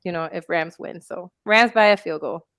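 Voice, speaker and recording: A woman's voice: lowish voice, moderate pace, no echo, studio quality. A woman co-hosting a casual football chat, talking loosely with plenty of fillers and laughing often. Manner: laughs often, relaxed filler-heavy talk. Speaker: co-host.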